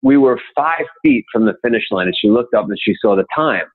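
A man telling motivational stories in a guest interview, acting out the people he quotes. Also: fairly quick. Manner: animated, acts out quotes in raised pitch. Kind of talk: motivational storytelling. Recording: tinny phone-like line.

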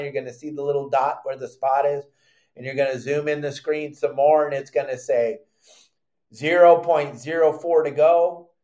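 An older man hosting a live fishing show, teaching in an animated, loud way with surfer slang. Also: on the high side, echoey room. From Southern California.

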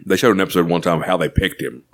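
A man's voice: deep voice, very fast. A man co-hosting a casual podcast chat, a rambling storyteller who swears freely. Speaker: podcast co-host.

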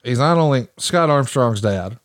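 A man's voice: medium pitch, animated, normal speed, no echo, studio quality. A man hosting a casual chat, telling listeners old stories with enthusiasm. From American South. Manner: informative, storytelling, enthusiastic. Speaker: podcast host.

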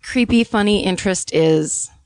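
Woman, podcast co-host, playful banter, casual chat, middle pitch. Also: normal speed, darkish tone, smooth.

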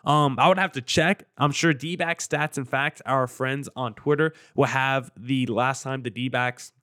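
A man's voice: mid-range voice, steady tone, unhurried, a bit bright, dry recording, clean studio sound. A man hosting a solo sports podcast, talking in a conversational, rambling and upbeat way with a self-deprecating streak.

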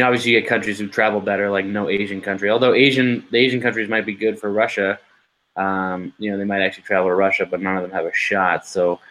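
A man's voice: fairly low pitch, bright, forceful tone, rough recording. A young man co-hosting a sports podcast, talking casually and hesitantly with many fillers. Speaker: podcast co-host.

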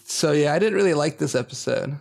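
A man's voice: a little high, expressive, fairly quick, creaky. A man co-hosting a casual podcast, talking hesitantly with many fillers and trailing thoughts. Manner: hesitant, full of filler words. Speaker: podcast co-host.

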